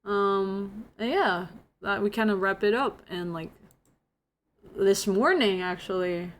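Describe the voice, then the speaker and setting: A woman's voice: medium pitch, slow. Chatty young woman streamer. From Indonesia. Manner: chatty, rambling storyteller. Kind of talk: casual chat with viewers.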